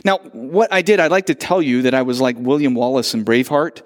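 A man's voice: mid-range voice, a little fast. A man preaching a sermon, telling stories animatedly and acting out the quotes. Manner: animated storytelling with acted-out quotes. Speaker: pastor.

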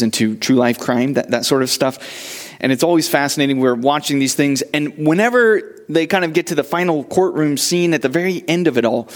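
A man delivering a church sermon at a middle pitch. He talks to the congregation in a relaxed, conversational way, with frequent restarts. When he voices Job's lament, his voice climbs higher and grows more urgent. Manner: conversational preaching with repeated restarts. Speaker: pastor.

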